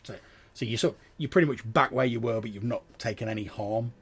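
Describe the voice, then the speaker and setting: A man's voice: medium pitch, brisk, fairly bright tone, slightly rough. A man narrating as game master in a tabletop game, describing scenes loosely with many fillers and restarts.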